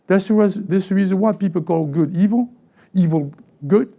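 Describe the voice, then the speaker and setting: A man's voice: sits high, moderate pace, creaky, dark tone. A man preaching as lead pastor in a conversational sermon, with frequent stammered restarts and repeated words. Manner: conversational preaching, acting out everyday voices.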